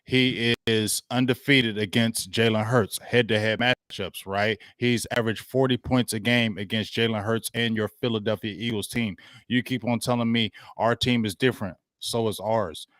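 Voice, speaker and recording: A man's voice: on the low side, moderate pace, few pauses, dry recording. Teasing man in a sports debate. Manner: teasing, needles his opponent, says he is staying calm. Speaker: podcast co-host.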